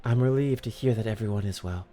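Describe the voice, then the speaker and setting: A man voicing an earnest, gentle young woman oracle in a soft, plain reading over faint game music. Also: on the low side, fast talker, lightly acted.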